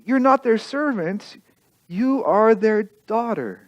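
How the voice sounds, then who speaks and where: A man's voice: high voice, lively intonation, slow pace, no echo, dull audio. A man voicing an insistent young girl who repeats her questions earnestly while pleading with a friend.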